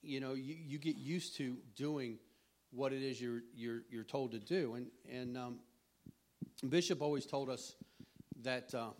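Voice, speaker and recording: A middle-aged man giving an informal sermon, rambling and conversational, with frequent restarts and throat clearing. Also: medium pitch, a little slow, a little mellow. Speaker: preacher.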